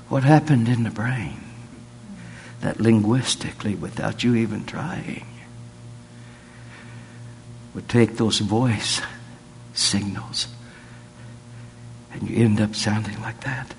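A preacher with a low, unhurried drawl, spinning folksy yarns before building to fervent declarations. He takes his time over every phrase, a faint hum lingering beneath the voice. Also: gravelly. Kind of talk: sermon with folksy storytelling.

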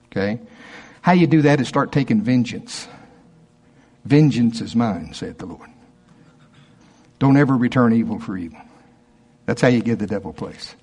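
A man preaching a sermon as a pastor, acting out objections from his listeners in a higher voice. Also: moderate pace, pauses often, breathy edge. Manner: animated preaching, voicing objections in a higher pitch.

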